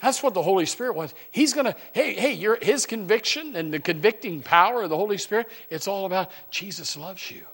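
A man preaching a sermon. His volume swings from loud, fervent stretches to hushed, intense passages, with many restarts and repeated words, and he reads scripture in old-fashioned wording. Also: high-pitched, lively intonation, brisk, hardly any pauses, slightly rough.

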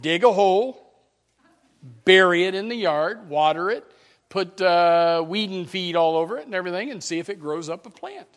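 A pastor preaching a sermon in a church, folksy and joking, with many fillers and restarts, moving between quiet asides and loud emphatic preaching. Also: male voice, sits high, expressive, normal speed.

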